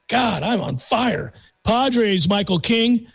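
A man's voice: very high voice, animated, slow pace, gravelly, hardly any pauses, a bit bright, dry recording. A man co-hosting a casual sports podcast, rattling off names with playful emphasis, on a close mic. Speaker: podcast co-host.

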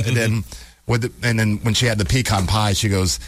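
A man with a lowish voice talks briskly as host of a radio talk show. In this casual on-air chat from the studio, he tells stories animatedly, repeating words playfully for comic effect.

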